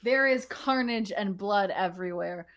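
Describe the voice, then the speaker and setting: A young woman narrating as game master of a tabletop game, lively and casual, laughing often and swearing freely. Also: mid-range voice, unhurried, crowd noise.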